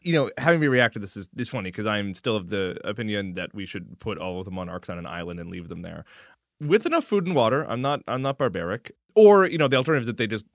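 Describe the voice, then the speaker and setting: A man hosting a casual political chat, teasing and quick to push back. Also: lowish voice, sing-song, no room sound, clean studio sound. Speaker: podcast host.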